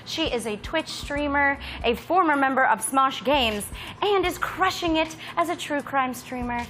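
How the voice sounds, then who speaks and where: A woman's voice: sits high, measured pace, fairly bright tone, slight background noise. A woman hosting a casual studio craft show, upbeat and playful, laughing often. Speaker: host.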